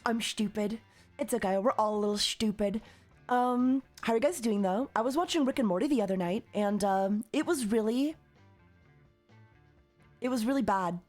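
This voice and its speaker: A woman's voice: fairly high pitch, moderate pace, darkish tone, soft background music. A young woman streamer chatting casually with her live chat in a playful, teasing way, with sing-song repeated greetings.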